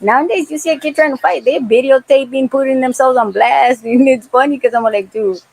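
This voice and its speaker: A woman's voice: high voice, gravelly, darkish tone, rough recording. A middle-aged woman chatting bluntly and profanely, laughing as she talks. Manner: fast, blunt, profane, laughs while talking. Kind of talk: casual chat.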